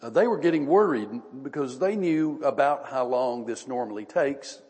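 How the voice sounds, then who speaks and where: A man with a husky, mid-pitched voice delivers a sermon, chatting easily with his listeners between passages. Each time he reads scripture he slows down and stresses the words. His voice carries a long reverb, as if he were in a large church hall. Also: lively intonation, darkish tone. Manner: earnest, conversational, reads scripture slowly with emphasis. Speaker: pastor. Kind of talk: sermon Bible teaching.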